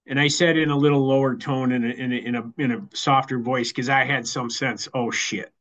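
Man, mid-pitch, sharing his recovery story over a slightly muffled video call, stop-start delivery. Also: fairly even intonation, fairly bright tone. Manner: halting, repeats words while finding them. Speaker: keynote speaker at a recovery meeting. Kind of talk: personal recovery share. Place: online meeting.

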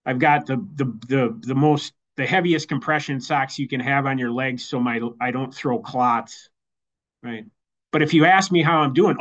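A man giving a personal recovery share as the keynote speaker, halting and repeating words as he goes. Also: medium pitch, fairly bright tone, highs cut off. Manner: halting, repeats words while finding them. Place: online meeting.

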